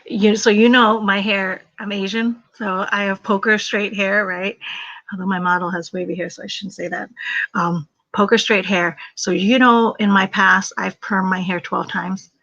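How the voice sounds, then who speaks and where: A woman's voice: medium pitch, steady tone, moderate pace, sharp tone, no echo, dull audio. A woman hosting a casual livestream, chatty and laughing often. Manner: chatty, laughs often, talks to her dog. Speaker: livestream host.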